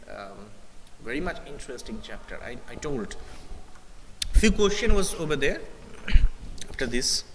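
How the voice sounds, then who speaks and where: A man's voice: a little high, a bit bright, in a large hall, rough recording. A male teacher with an Indian English accent who reads a story aloud during a live class, then explains it, often repeating himself and using fillers. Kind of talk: live English literature lesson.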